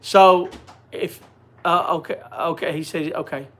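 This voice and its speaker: This livestream host has a fairly high, bright voice and a measured pace. In a relaxed chat, he says hello to viewers by name.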